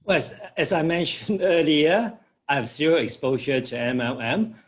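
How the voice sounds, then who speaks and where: A man from Hong Kong answering an interview question in a measured, explanatory way, with short laughs now and then. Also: a little high. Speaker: interviewee, former finance professional.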